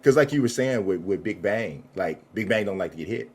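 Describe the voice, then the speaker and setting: A man's voice: on the low side, expressive, brisk, darkish tone, husky. A man interviewing a guest, talking in an easygoing, agreeable way with a lot of "yeah.". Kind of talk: casual interview chat.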